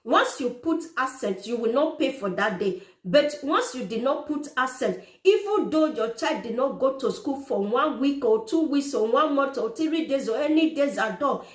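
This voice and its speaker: A woman giving other parents earnest, repetitive step-by-step advice in direct address. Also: a little high. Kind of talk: informal how-to explainer. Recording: echoey room.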